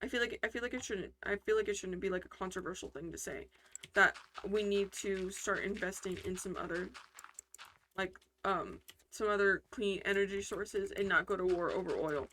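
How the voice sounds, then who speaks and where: Gaming host, woman, bright voice, rambling heated commentary, faint keyboard clicks behind. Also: medium pitch, normal speed, slight background noise. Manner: rambling, heated ranting with many fillers and restarts. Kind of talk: casual gameplay commentary.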